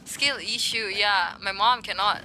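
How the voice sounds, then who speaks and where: This game streamer has a medium-pitched voice that sounds pushed and bright, and she takes her time as she speaks. She casually chats with viewers, teasing them and playfully responding to chat. There's slight background noise.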